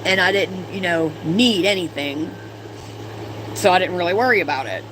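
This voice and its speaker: A woman's voice: on the low side, moderate pace. A woman in her twenties telling stories in a casual, profane way while doing her makeup for a vlog. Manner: chatty, profane storytelling. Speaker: vlogger. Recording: steady background noise.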